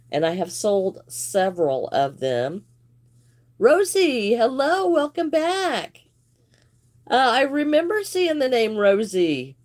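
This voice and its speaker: Slow-talking chatty woman greeting viewers. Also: a little high, a little mellow. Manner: greets viewers by name, chatty, laughs often. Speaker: crochet livestream host. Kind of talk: casual live-stream chat while crocheting.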